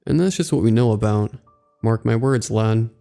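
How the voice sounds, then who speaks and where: A man voicing a gruff, gossipy older mover who speaks in grim warnings. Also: on the low side, moderate pace, dark tone, faint music behind. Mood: ominous.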